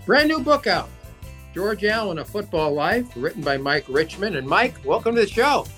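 A man hosts overnight sports radio in a slightly raised voice. He talks in an upbeat, emphatic way as he welcomes callers and guests. Soft music sits faintly under him. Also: sits high, very animated, normal speed. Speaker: radio sports show host.

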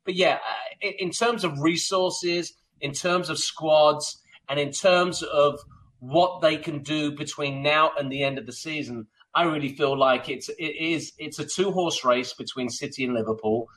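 A man's voice: fairly high pitch, measured pace, a bit bright, rough recording. A man co-hosting a radio soccer talk show, rambling and emphatic, with lots of fillers and restarts. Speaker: co-host and soccer pundit. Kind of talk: casual radio sports talk.

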